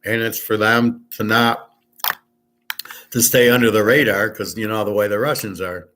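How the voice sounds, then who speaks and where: A man hosting a casual livestream, talking loud and clear on purpose, blunt and opinionated, rambling from one point to the next. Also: lowish voice, steady tone, normal speed, slight background noise. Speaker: sports handicapping show host. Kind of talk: casual livestream chat with viewers.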